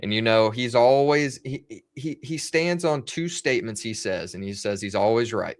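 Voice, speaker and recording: A man co-hosts a casual sports podcast, telling stories in an easygoing, joking way. His voice sits at an ordinary middle pitch. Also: expressive, normal speed, few pauses. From Oklahoma, USA. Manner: joking, easygoing, often laughing. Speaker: podcast co-host.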